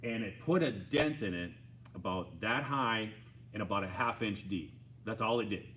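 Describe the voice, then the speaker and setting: A man casually retelling a side-by-side rollover story in a rambling, animated way, full of restarts. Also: on the low side, moderate pace, a little hiss or hum. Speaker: homestead vlogger.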